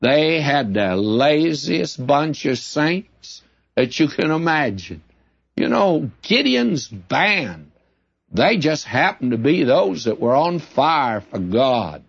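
A man's voice: a little high, very animated, takes it slowly, breathy edge. A man preaching a sermon in a folksy, emphatic and conversational way, on a dull lo-fi recording. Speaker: preacher and Bible teacher.

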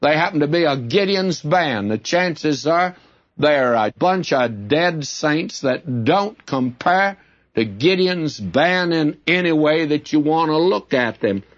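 Male preacher, folksy and emphatic, slightly high voice, old lo-fi tape. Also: animated, slow pace. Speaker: preacher and Bible teacher. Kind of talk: sermon. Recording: dull lo-fi old recording.

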